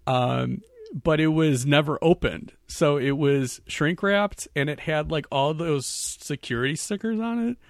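Gravelly, laid-back male movie podcaster. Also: a little high, a little slow, no echo, studio quality. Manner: laid-back, rambling, hesitant fillers. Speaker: podcast co-host. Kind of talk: casual movie review chat.

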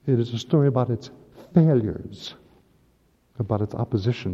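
A male priest delivering an impassioned sermon, his dark, husky voice climbing to emphatic peaks. The sound is dull and lo-fi, with a long reverb trailing off the church walls. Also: medium pitch, animated, normal speed.

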